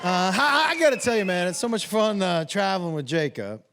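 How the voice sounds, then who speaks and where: A middle-aged man doing stand-up comedy, telling stories in a brash, profane, animated way on a comedy club stage. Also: high-pitched, fairly quick, very noisy. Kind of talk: stand-up storytelling. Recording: live show with roaring crowd.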